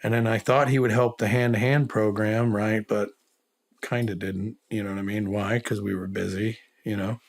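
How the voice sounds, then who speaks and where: A man's voice: fairly low pitch, steady tone, normal speed. A middle-aged man and former soldier, giving an interview as the guest and telling stories bluntly, swearing constantly and acting out the people he quotes. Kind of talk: casual profane storytelling.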